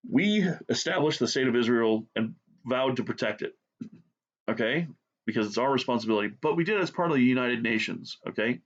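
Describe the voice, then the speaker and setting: Brief: blunt, sarcastic man on a profane rant, mid-pitched voice, muffled lo-fi recording. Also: lively intonation, a little fast. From United States. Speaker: art vlogger. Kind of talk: profane rant while drawing.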